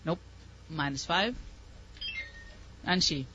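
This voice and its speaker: Slow and low-voiced, this woman runs a live spelling bee, offering encouragement and patient explanations of the words. Her microphone audio is muffled lo-fi, with a noisy background.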